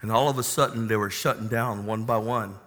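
A male pastor preaching a sermon who swings from quiet storytelling to loud, joyful exclamations. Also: fairly low pitch, steady tone, brisk, big-room sound.

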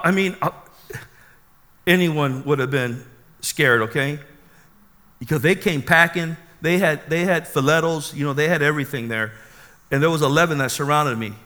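A man recounts his testimony in an animated, dramatic sermon style. His voice is bright and forceful and sits a little high for a man. A long reverb rolls after his words, as in a large hall. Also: moderate pace, long pauses. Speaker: preacher giving his testimony.

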